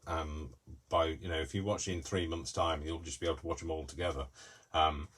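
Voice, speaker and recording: A man's voice: extremely low pitch, steady tone, fairly quick, a bit bright, husky. A man hosting a live craft tutorial in a small craft room, rambling with jokey, self-deprecating asides.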